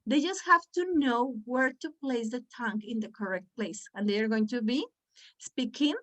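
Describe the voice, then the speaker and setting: Lively woman coaching pronunciation, slightly high voice. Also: normal speed. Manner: animated, coaxing, repeats words for the group. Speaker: pronunciation trainer for teachers. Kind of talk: lively online teaching workshop.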